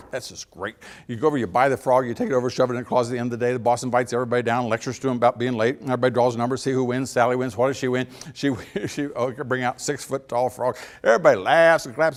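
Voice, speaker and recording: A middle-aged man giving a folksy speech, telling stories with acted-out dialogue and chuckling at his own jokes. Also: medium pitch. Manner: animated storyteller, acts out little dialogues, laughs at own jokes. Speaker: speaker.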